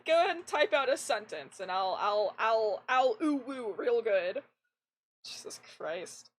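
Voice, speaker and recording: A woman's voice: on the high side, unhurried, rough recording. A young woman streaming a game, chatting casually with viewers in a rambling way, her voice fairly androgynous, into a desk mic. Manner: rambling, restarts often, animated. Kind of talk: casual live-stream chat.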